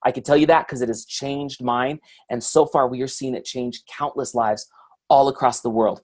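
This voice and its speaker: A man's voice: mid-range voice, a little mellow, husky. A man giving an enthusiastic, earnest motivational talk as an author and guest speaker, repeating his key points.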